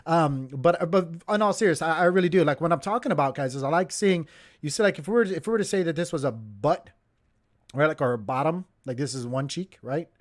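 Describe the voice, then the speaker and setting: A man's voice: a little high, a little fast. Chatty man hosting a live chart stream. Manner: chatty, jokey, talks straight to viewers. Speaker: crypto livestream host. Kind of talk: casual live chart commentary.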